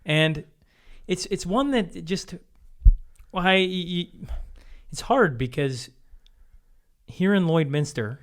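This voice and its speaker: Man, slightly high pitch, podcast host, thoughtful, hesitant, restarts often. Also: lively intonation, takes it slowly, a bit bright. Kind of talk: casual chat.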